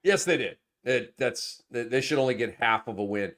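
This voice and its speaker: A man hosting a fantasy basketball show, talking in animated, casual chat that swings from muttering to loud, swearing outbursts. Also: medium pitch, moderate pace.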